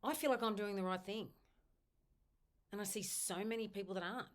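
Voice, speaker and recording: A woman leading a guided tapping exercise, speaking slow, repetitive first-person affirmations. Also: mid-range voice. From Australia. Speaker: EFT tapping instructor. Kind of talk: guided tapping script spoken aloud.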